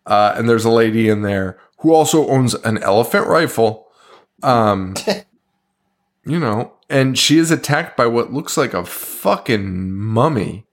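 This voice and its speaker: A man's voice: mid-range voice, unhurried. Laughing, swearing man recapping a film. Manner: laughing often, swearing, animated storytelling. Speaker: podcast co-host. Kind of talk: casual chat recapping a horror film.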